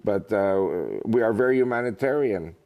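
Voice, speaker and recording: Male guest, lively and joking, pitch swinging freely. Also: normal speed, phone-quality sound. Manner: animated, joking storyteller. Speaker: guest, author and politician. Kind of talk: casual interview talk.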